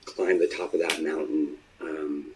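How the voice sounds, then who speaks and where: A man giving reflective interview answers in a halting way, with frequent pauses and fillers. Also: extremely low pitch, flat delivery, noisy background. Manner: halting, hesitant, with many fillers.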